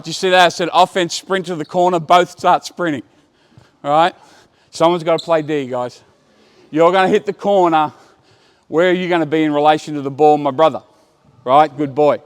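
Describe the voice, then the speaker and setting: On an indoor basketball court, a man runs a coaching clinic, barking brisk commands at players and explaining the drills to coaches looking on. His voice is fairly high, clear, and resonant.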